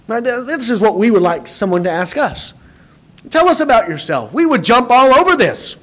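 Animated high-voiced male preacher. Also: moderate pace. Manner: animated, acts out quoted dialogue, repeats words when starting. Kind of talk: sermon.

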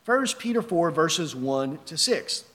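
High-voiced man preaching in a reverberant hall. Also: very animated, slow, a bit bright. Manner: earnest, emphatic, repeats rhetorical questions. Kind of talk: sermon.

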